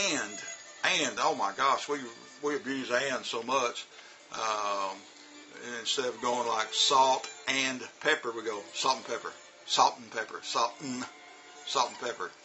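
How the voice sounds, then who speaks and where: A man's voice: medium pitch, sharp tone, low-quality recording. Chatty man giving teaching tips. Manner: loose and chatty, demonstrating spoken examples. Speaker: English teacher. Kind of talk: casual teaching advice to teachers.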